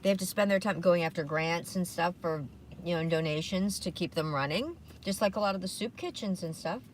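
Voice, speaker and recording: A woman's voice: fairly low pitch, brisk, a little hiss or hum. Rambling woman chatting in a car. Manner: rambling, many fillers and restarts. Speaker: podcast co-host. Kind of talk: casual chat.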